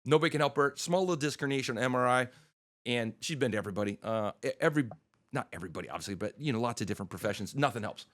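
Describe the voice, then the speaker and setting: A middle-aged man speaking as a chiropractor guest, rattling off stories at a rapid clip. His voice sits at an ordinary middle pitch. He acts out each quoted exchange with animation. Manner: animated storyteller acting out quoted dialogue. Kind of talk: casual storytelling interview.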